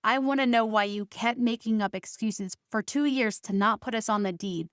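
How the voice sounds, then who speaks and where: A woman's voice: on the high side, moderate pace, no echo, clean studio sound. A woman podcast host telling a personal family story as a monologue, recounting arguments by quoting both sides with emphatic stresses.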